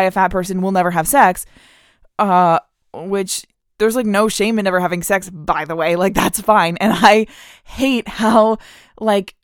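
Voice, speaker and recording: A woman hosting a podcast, ranting in an animated, indignant way with frequent laughs and lots of "like". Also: medium pitch, smooth, dry recording, studio quality. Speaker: podcast host. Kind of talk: podcast rant.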